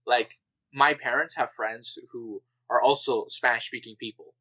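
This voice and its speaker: A man from Canada, telling an animated story in a casual podcast chat. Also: mid-range voice, normal speed, poor audio. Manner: animated storyteller, chatty and relaxed.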